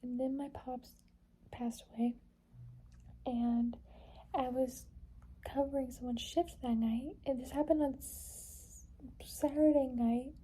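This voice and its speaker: A woman's voice: high-pitched, steady tone, slow pace, long pauses, warm tone, slightly rough, low-quality recording. A young woman in a casual personal vlog, talking in a rambling way with lots of "like" and "you know", trying to hold back tears. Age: young adult. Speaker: vlogger.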